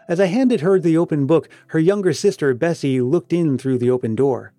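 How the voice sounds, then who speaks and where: A man reading a story aloud as narrator, in a measured way that slows for emphasis. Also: on the high side, mellow, no echo, faint music behind. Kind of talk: audiobook narration.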